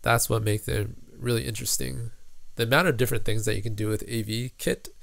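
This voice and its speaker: A man's voice: mid-range voice, fairly even intonation, brisk, creaky, a bit bright, dry recording. A man hosting a casual livestream, reading viewer comments and thinking aloud with lots of fillers. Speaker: livestream host, app developer.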